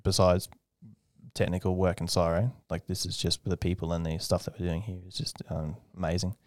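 A young man chats as an interview guest in a fairly low voice. He tells his story with animation, often jumping high to mimic other people. The sound is dry and close. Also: level tone, a little fast, dry recording. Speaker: aerospace engineer guest. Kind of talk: casual interview conversation.

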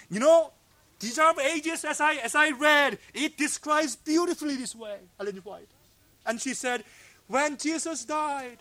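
High-voiced preacher man, slow and dramatic. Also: animated, dry recording. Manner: swings from loud cries to hushed low tones. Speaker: pastor. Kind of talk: sermon. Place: fellowship meeting hall.

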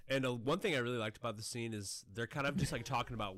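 A man's voice: medium pitch, fairly bright tone, no echo. Young male podcast host, casual movie recap, dry close voice. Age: young adult. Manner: recaps scenes, acting out lines in quick quoted asides. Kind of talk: casual chat.

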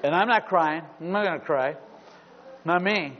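A middle-aged man preaches with a fairly high voice, playing for laughs and slipping into little acted scenes. His voice carries a long hall reverb, and the recording sounds somewhat dull. A faint background hiss runs under it. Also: moderate pace. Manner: humorous, acts out little scenes in asides. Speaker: pastor. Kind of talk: sermon.

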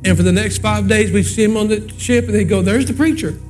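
Folksy high-voiced pastor man. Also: fairly even intonation, fast talker, a little mellow, soft background music. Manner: folksy, conversational storytelling. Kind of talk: sermon with storytelling and prayer.

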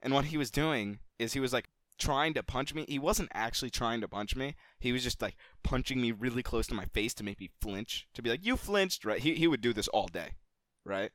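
A man co-hosting a podcast, telling a childhood story in a casual, animated way and swearing freely. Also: brisk, dry recording, studio quality. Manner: animated, gets louder and higher at the story's climax. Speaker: podcast co-host.

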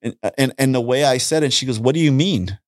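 A man talking casually on a podcast, an animated storyteller who acts out conversations and repeats his points. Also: medium pitch, a little fast, no room sound, studio quality. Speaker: podcast guest, street preacher. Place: podcast studio.

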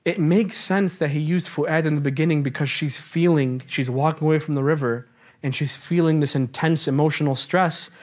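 A man with a fairly high voice gives a lesson to a live class. He talks in a chatty, engaging way, keeps asking the audience questions, and drifts into asides. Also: fairly even intonation, normal speed. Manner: chatty with many asides and restarts. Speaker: Islamic teacher.

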